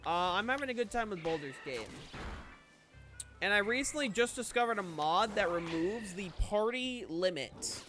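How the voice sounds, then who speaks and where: A man's voice: high voice, animated, normal speed, bright, forceful tone, soft background music. A man streaming a game and chatting casually, rambling with frequent swearing and restarts. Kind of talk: casual chat while gaming.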